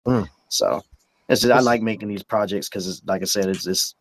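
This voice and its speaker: Low-voiced, relaxed male guest. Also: a little fast. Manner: relaxed, hesitant, with fillers. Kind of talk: casual interview chat.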